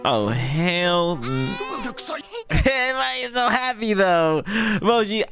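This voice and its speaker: Young guy doing anime reaction, super lively pitch, slow drawn out talk, laughs a ton, faint music behind. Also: clean tone. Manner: excitable, laughs a lot, slangy, shouts in delight. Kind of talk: casual reaction commentary.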